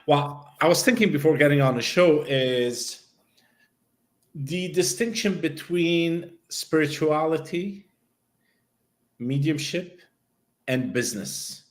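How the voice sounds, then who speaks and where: A man's voice: on the high side, lively intonation, slow, pauses often. A man who hosts an online talk show as a psychic medium, laughing often and explaining ideas step by step in casual chat.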